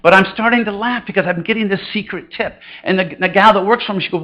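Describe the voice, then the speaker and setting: A man's voice: fast, dull audio. A middle-aged man preaching a conversational sermon, telling funny stories and acting out quoted voices. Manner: storytelling, conversational and humorous; acts out quoted voices with big pitch jumps. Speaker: pastor.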